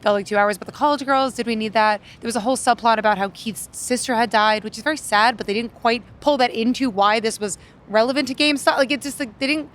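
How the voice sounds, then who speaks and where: A woman from Worcester, a podcast guest chatting about a film in a quick, blunt, jokey way. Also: a little high, a bit bright. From Worcester, Massachusetts. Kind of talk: casual movie review chat.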